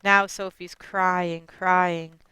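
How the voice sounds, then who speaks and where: A woman's voice: lowish voice, flat delivery, very slow, bright, forceful tone, clean tone, dry recording, exaggerated voice, poor audio. A woman playing a blunt grandmother. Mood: fretful, blunt. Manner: blunt, in broken English. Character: stubborn 68-year-old Chinese immigrant grandmother. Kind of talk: dramatic monologue.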